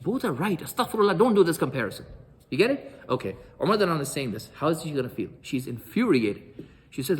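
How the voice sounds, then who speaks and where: A man's voice: a little high, expressive, quick pace, slightly rough, long reverb tail. A man giving a religious lecture, telling stories animatedly and acting out the dialogue.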